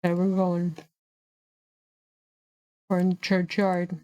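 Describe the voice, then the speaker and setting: A woman's voice: lowish voice, monotone, takes it slowly, warm tone. A woman streaming a horror game, chatting casually and snacking between her remarks. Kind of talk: casual let's-play commentary.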